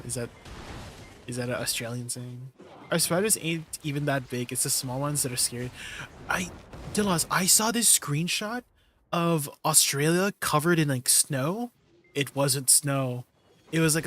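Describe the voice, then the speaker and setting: A young man with a mid-range, fairly bright voice reads chat during a live gaming stream, casually joking off viewers' messages and amused easily. There's a little hiss or hum in the recording.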